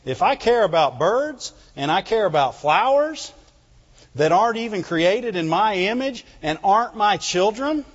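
A man's voice: sits high, sing-song, measured pace, husky. A man preaching a sermon as pastor, fervently calling out "Amen?" to the congregation. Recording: reverberant hall, dull lo-fi sound.

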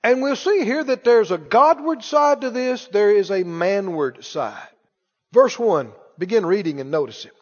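A man's voice: sits high, lively intonation, measured pace. A male preacher delivering a sermon, exhorting and quizzing his congregation. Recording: dull lo-fi, echoey hall.

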